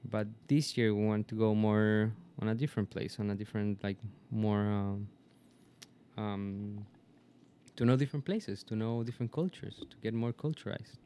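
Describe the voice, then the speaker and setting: A man whose first language is Spanish, chatting casually in English and often pausing to search for words. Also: fairly low pitch, steady tone, warm tone, clean tone. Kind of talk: casual chat.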